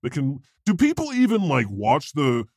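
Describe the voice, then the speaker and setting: A man's voice: on the high side, huge pitch swings, moderate pace, darkish tone, no room sound, clean studio sound. A man playing God as a laid-back, crude-talking podcast co-host in improvised comedy banter. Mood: chatty. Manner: casual, swears freely.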